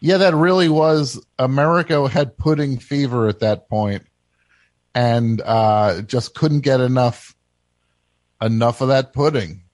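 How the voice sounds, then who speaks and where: Brief: male call-in host, mid pitch, deadpan, halting, dry close sound. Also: no room sound. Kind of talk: casual call-in radio chat.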